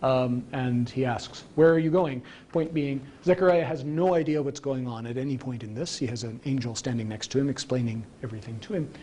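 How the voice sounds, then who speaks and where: A man's voice: fairly quick, mellow. A man giving a conversational public lecture from slides, with frequent ums and casual asides. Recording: archival local-TV lecture tape, faint rumble.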